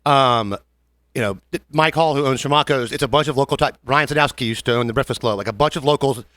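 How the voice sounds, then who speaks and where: A man's voice: mid-range voice, quick pace, a bit bright, dry recording. A man hosting a casual podcast, telling a long story and acting out other people's lines. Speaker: podcast host. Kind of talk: casual chat.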